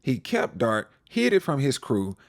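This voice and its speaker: Animated man recapping a TV show. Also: mid-range voice, a little slow, vocal fry. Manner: animated storyteller, acts out characters' lines with playful slang. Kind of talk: casual TV recap commentary.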